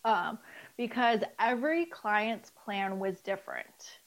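A woman's voice: mid-range voice, takes it slowly, low-quality recording. A middle-aged woman, a spiritual life coach, talking casually as a podcast guest and acting out remembered conversations. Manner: animated storytelling, acts out quoted dialogue; candid, swears casually and laughs.

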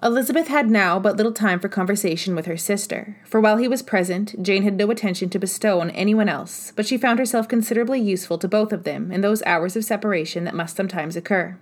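Woman audiobook narrator, calm and measured. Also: mid-range voice. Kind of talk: audiobook reading of a classic novel.

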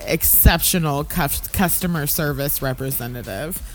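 Teasing, giggly woman co-host with a low, swinging voice and faint music behind. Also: rough recording. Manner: giggly, teasing, quick to laugh. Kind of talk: casual chat.

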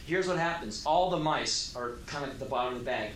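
A man telling spoken word stories, animated, bursting into shouted impressions and mock laughs. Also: medium pitch, fairly quick, a little hiss or hum. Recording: roomy echo.

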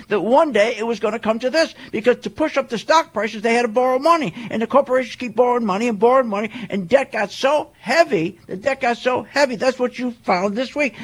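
Guy with a husky voice on a fired-up rant, keeps asking questions, does little voices for people. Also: high voice. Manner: emphatic, rhetorical questions, acts out quoted voices. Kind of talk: animated monologue on markets.

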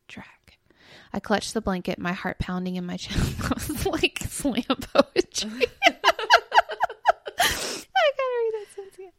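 A woman's voice: medium pitch, fairly bright tone, no echo, studio quality. A woman co-hosting a podcast, who laughs often and breaks up mid-sentence while chatting and reading a spooky story. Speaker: podcast co-host. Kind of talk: giggly casual chat and reading a spooky story.

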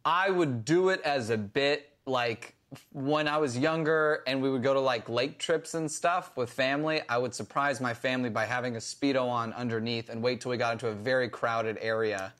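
A mid-pitched man with a slight Valley accent banters as a chat show co-host. He jokes his way through long, rambling anecdotes and drops "like" often. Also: normal speed, a bit bright. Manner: joking, rambling anecdotes, lots of "like". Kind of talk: casual chat.

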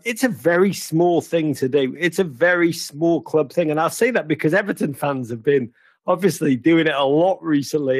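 Animated man with a husky voice. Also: a little high, no room sound, clean studio sound. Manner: animated, theatrical storytelling with playful teasing. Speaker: host. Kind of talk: lively football chat with a caller.

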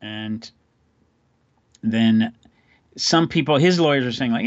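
A man's voice: mid-range voice, takes it slowly, long pauses, no echo, lo-fi sound. A man hosting a podcast, telling stories in a loose, rambling, wry way. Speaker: podcast host. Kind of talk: casual chat.

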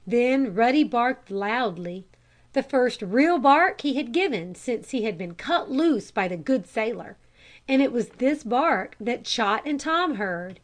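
A woman reading a children's storybook aloud in a calm, measured narration. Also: a little high. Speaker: audiobook reader.

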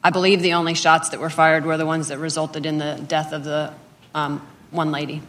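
Brief: woman, very low pitch, flat delivery, formal testimony. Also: a little fast, a little hiss or hum. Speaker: official testifying at hearing.

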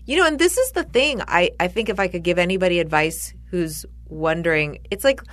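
A woman's voice: on the low side, expressive, brisk, fairly bright tone. A woman in casual chat with a friend, asking eager questions and sharing about her own kids. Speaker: parent chatting with a friend.

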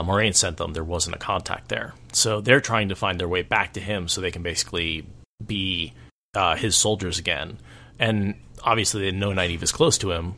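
A man with a low voice co-hosts a casual book chat. He explains the story's background in a thoughtful way, with plenty of fillers. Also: fairly bright tone. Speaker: podcast co-host.

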